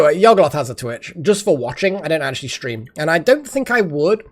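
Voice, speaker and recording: Male streamer, rambling casual chat, lively swings in pitch. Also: normal speed, hardly any pauses. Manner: rambling, chatty, swears and laughs often. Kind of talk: casual live-stream chat while gaming.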